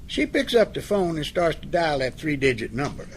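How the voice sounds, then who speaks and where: A middle-aged man with a fairly high voice tells stories to a live audience in a folksy, joking way. He acts out both sides of a couple's arguments. A faint hiss of background noise sits under his voice. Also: sing-song, moderate pace. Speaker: speaker on addiction recovery. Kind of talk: storytelling talk to an audience.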